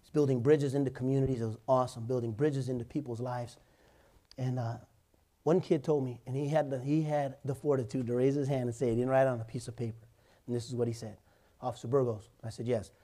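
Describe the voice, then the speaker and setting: A man's voice: medium pitch, fairly even intonation, fast talker, dark tone. Man, pastor, church sermon, conversational storytelling, rising to emphatic preaching.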